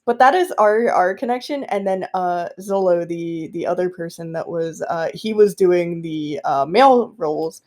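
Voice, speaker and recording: A woman chatting casually on a podcast, telling stories in an animated way, acting out what people said and laughing often. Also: lowish voice, normal speed, hardly any pauses. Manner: animated storyteller, acts out quotes, laughs often. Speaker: podcast guest. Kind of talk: casual chat.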